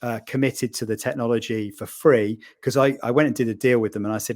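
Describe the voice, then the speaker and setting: This podcast guest, a man, talks a little quickly at a medium pitch. He tells spirited anecdotes casually and performs the voices of the people in them.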